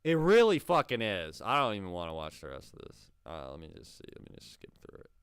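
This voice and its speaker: A man reacting to clips in casual commentary, his voice swinging widely as he swears in disbelief. The sound is smooth and resonant, close and dry with no room around it. He keeps breaking into laughter and exasperated asides. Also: sits low, huge pitch swings, fast, dry recording. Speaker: reaction video host.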